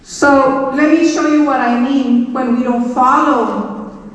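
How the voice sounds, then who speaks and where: A woman's voice: high-pitched, fairly even intonation, takes it slowly. A middle-aged woman, a school superintendent giving a speech to staff in a large auditorium, emphatic and repeating her key points to the audience. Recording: echoey auditorium, voice from far off.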